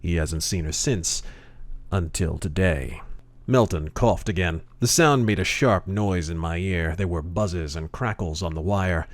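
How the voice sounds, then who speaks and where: A man with a very low voice reads a pulp detective story in a gruff, deadpan way. His delivery is clipped and hard-boiled. The recording is dry and close. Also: measured pace, dry recording. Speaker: audiobook narrator. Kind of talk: hard-boiled first-person audiobook narration.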